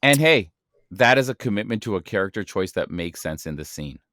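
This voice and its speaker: A man's voice: fairly low pitch, animated, a little fast, a bit bright, dry recording. Earnest man hosting an acting podcast, dry sound. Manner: earnest, encouraging, lesson-wrapping. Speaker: podcast host. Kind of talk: acting-coach podcast talk.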